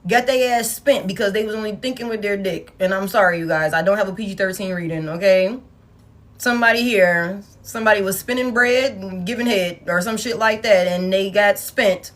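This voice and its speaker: A woman giving a collective tarot reading, blunt, profane and animated, talking straight to her viewers. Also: mid-range voice, moderate pace. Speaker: tarot reader.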